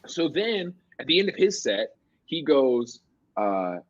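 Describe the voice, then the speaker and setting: A man's voice: medium pitch, sing-song, takes it slowly, slight background noise. A man and comedian, rambling through a story in casual podcast chat, full of "like" and "you know". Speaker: comedian guest. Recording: dull lo-fi stream audio.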